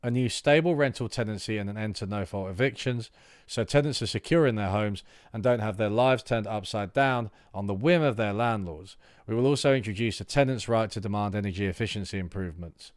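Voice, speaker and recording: A man's voice: on the low side, fairly quick, no room sound, clean studio sound. A man reading political text aloud on a livestream, stopping for loose, rambling asides with fillers. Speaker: streamer reading political manifestos.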